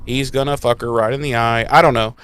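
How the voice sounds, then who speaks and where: A man co-hosts a podcast in a loose, rambling recap full of swearing and asides. His voice is smooth and clear at a middle pitch. He talks in an easygoing, conversational way. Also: steady tone, fairly quick, fairly bright tone. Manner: profane, rambling, laughing. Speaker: podcast co-host. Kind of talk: casual episode recap.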